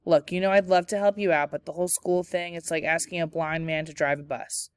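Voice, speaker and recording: A woman's voice: fairly low pitch, steady tone, brisk, clear, resonant tone, no echo, studio quality, lightly acted. A woman voicing an easygoing teenage brother, a mechanic who teases his sister in a laid-back way. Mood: joking.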